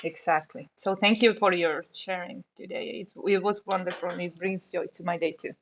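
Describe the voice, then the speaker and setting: Woman with small grammar slips, warmly thanking. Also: on the low side, fairly even intonation, moderate pace, creaky, muffled recording, slight background noise. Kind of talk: casual chat, giving thanks and feedback.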